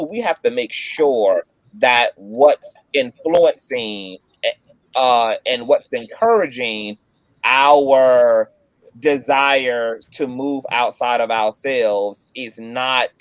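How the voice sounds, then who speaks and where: Male host, emphatic and passionate, average pitch, dry sound. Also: takes it slowly, no room sound, rough recording. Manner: emphatic, builds to loud passionate peaks. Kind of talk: casual discussion.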